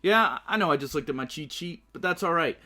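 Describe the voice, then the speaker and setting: A man's voice: on the high side, animated, brisk, bright, forceful tone. A man hosting his own casual talk show, brash and profane, often laughing through his stories. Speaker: podcast host. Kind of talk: casual solo show commentary.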